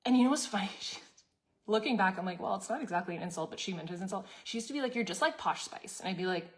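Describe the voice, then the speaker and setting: A woman's voice: mid-range voice, rapid-fire. A woman in her thirties hosting a live community session, giving a casual motivational talk with candid chat and many restarts.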